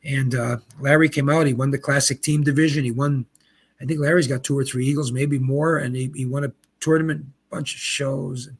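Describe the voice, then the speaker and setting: A man in his seventies from Pennsylvania, a retired bowler and guest, telling rambling, animated anecdotes in casual chat. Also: mid-range voice, a little fast, slightly rough. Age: 70s. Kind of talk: casual storytelling.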